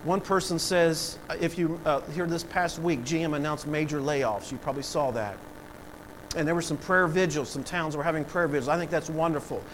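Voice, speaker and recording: A pastor preaching with a fairly high voice, acting out the people in his stories and then building up loud. Faint background noise sits under the recording. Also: a little fast, poor audio. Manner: preaching with acted-out voices and swells of volume. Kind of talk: sermon.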